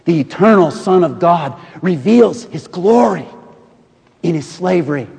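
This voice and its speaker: A man preaching a sermon from a pulpit. He tells stories dramatically, swinging from hushed lows to booming highs. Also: expressive, measured pace, gravelly, husky. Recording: long reverb of a large hall.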